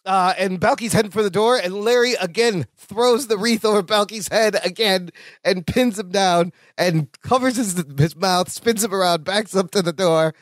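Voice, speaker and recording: A man co-hosting a podcast, recapping a sitcom in casual chat, animated and laughing often as he acts out the lines. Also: high voice, normal speed, dry recording. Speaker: podcast co-host.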